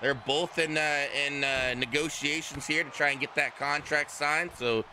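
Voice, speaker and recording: A man's voice: fairly high pitch, fairly even intonation, normal speed, background noise. A man calling wrestling play-by-play, often hesitant with fillers and restarts. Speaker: play-by-play commentator. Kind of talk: wrestling commentary.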